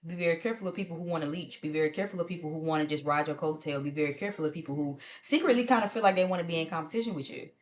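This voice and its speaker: Low-voiced blunt woman tarot reader. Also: very fast, few pauses. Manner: blunt, profane, conversational. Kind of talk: casual tarot reading to viewers.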